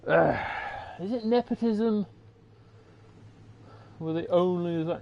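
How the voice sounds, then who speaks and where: Slow-talking English streamer, swearing. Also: male voice, high-pitched, vocal fry, highs cut off. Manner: ranting, swearing freely. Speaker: game streamer. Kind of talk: casual livestream commentary.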